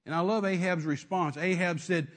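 A man's voice: sits high, steady tone, normal speed. A man preaching a sermon, emphatic and repetitive, calling out to his congregation.

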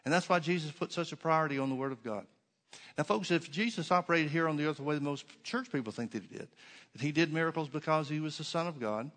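A man's voice: mid-range voice, fairly bright tone. A man preaching a sermon to his congregation in a church, emphatic, with many rhetorical questions and repeated phrases. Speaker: pastor.

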